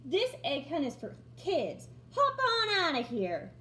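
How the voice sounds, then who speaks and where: A woman's voice: high-pitched, wildly swooping pitch, slow pace, sharp tone, slight background noise, voice pushed up, exaggerated voice. A woman doing a bossy scolding child. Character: stern young child scolding. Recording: roomy echo.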